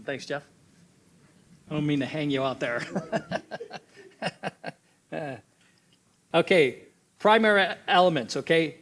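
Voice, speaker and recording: A man leads a drama workshop in a fairly high voice. He explains stagecraft in a teaching tone. He drives home each point by repeating it and checking in with "okay?". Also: a bit bright. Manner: instructive, tags points with "okay?"; repeats key points for emphasis. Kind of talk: teaching seminar.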